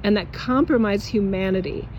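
A woman's voice: mid-range voice, moderate pace, highs cut off, noisy background. A woman speaking as a spiritual coach in a casual pep talk outdoors in a yard. She is blunt and emphatic, swears, and laughs often.

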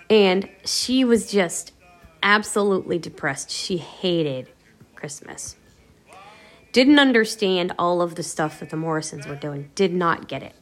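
A woman podcast host casually retelling a radio episode in a rambling, conversational way. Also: on the low side. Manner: rambling, conversational, many "you know" fillers.

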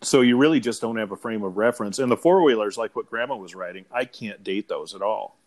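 A man's voice: fairly low pitch, fast talker. A middle-aged man co-hosting a podcast, chatting casually about a film and quoting its lines. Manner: relaxed storyteller, quotes film lines. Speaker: podcast co-host. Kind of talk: casual movie chat.

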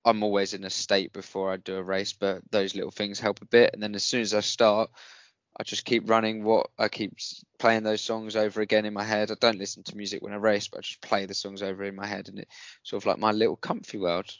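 A man's voice: lowish voice, level tone, no echo. Chatty joking man, dry dull sound. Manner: jokey, rambling, quick to laugh. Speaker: podcast co-host. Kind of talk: casual chat.

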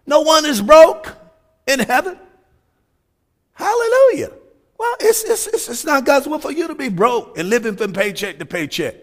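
A man preaching a fervent sermon, shouting his points and calling out hallelujahs. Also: very high-pitched, very animated, moderate pace, pauses often.

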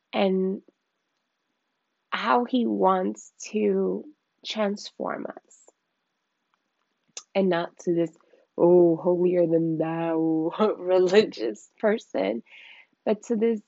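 A woman teaches the Bible casually as a podcast host, excitable and rambling. Her voice has a slow, drawn-out pace and a gravelly, fry-laden edge. The recording is dry and slightly muffled, like a cheap lo-fi mic. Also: mid-range voice, no echo. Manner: excitable and rambling, with many exclamations.

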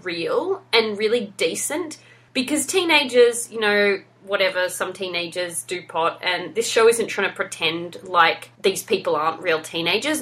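Bright-voiced woman podcast host. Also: lowish voice. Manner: enthusiastic, recounts scenes and quotes. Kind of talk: casual podcast recap.

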